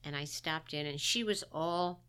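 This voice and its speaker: A woman's voice: sits low, moderate pace, fairly bright tone, clean tone. A middle-aged woman, a guest, recounting a personal story in a candid, wry, self-deprecating way.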